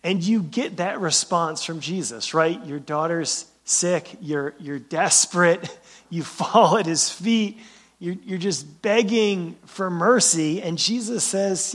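A man's voice: high voice, slow pace, a bit bright. A man preaching a sermon as pastor, talking conversationally, often checking in with "right?" and repeating words as he starts sentences. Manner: conversational preaching with frequent "right?" tag questions.

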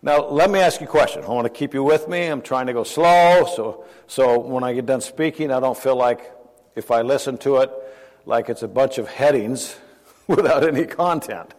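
A man's voice: medium pitch, moderate pace, darkish tone. An older man preaching a sermon in a conversational way, asking his listeners questions and chuckling often. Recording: long hall reverb.

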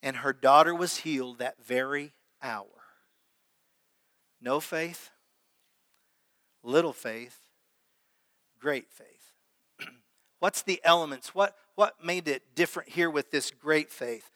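A man's voice: a little high, slow, long pauses, bright, forceful tone. A man preaching a sermon as pastor, talking conversationally and putting questions to his congregation. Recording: long hall reverb.

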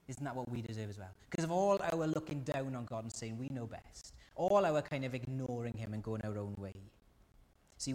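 A man preaches in an earnest voice of middling pitch, pressing his listeners with question after question. His words ring out with a long reverb, as in a large church hall. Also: a little mellow. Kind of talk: sermon.

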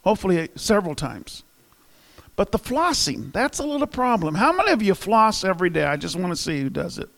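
This pastor's voice is high, gravelly and a bit bright, with a sing-song lilt and fairly quick delivery in a big-room acoustic. He preaches conversationally, mixing humor into the sermon and taking polls of the congregation.

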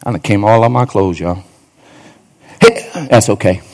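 A man's voice: on the low side, normal speed, darkish tone. A male pastor preaching a fervent sermon in a church, repeating phrases and talking straight to the congregation. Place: church sanctuary.

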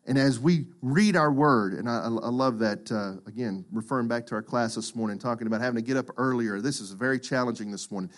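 A middle-aged man preaching a sermon, acting out quotes and swinging from loud to hushed. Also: mid-range voice, fast talker, few pauses. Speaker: pastor.

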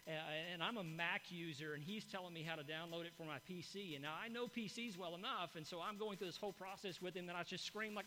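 A man's voice: high-pitched, pushed and bright, a little hiss or hum. A man preaching a sermon, telling folksy stories and talking straight to the congregation. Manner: folksy storytelling, addresses the congregation. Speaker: pastor.

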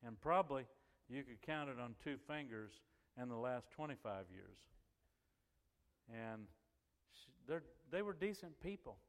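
A middle-aged man spins a folksy, chatty anecdote and slips into the voices of the people he quotes. His voice sits at an ordinary pitch and carries a long reverb, as if he is speaking in a big hall. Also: a little slow, pauses often. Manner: chatty and animated, acts out quoted voices and laughs as he goes. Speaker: church member telling a story.

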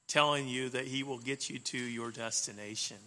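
A man preaching a sermon in an animated way, swinging between loud emphasis and soft asides. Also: mid-range voice, normal speed. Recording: long reverb of a hall.

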